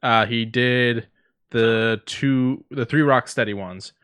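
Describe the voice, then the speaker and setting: A man's voice: mid-range voice, steady tone, takes it slowly, fairly bright tone, smooth. A man co-hosting a podcast, telling stories and running down news in casual chat with fillers. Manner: storytelling, news rundown with fillers. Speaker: podcast co-host.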